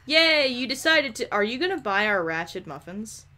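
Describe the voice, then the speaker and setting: A young woman talking through a simulation game in a casual, chatty way, swearing freely and scolding the characters on screen. Her voice sits fairly high and sounds bright and forward. Her pitch swings widely as she reacts. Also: sing-song, moderate pace, hardly any pauses. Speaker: gameplay commentator. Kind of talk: casual gameplay commentary.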